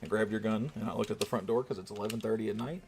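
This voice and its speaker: A man's voice: fairly low pitch, steady tone, racing, vocal fry, darkish tone, slight background noise. A young man with a Southern US accent, chatting casually with his viewers while streaming a game, joking and laid-back. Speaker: gaming streamer. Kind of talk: casual live-stream chat.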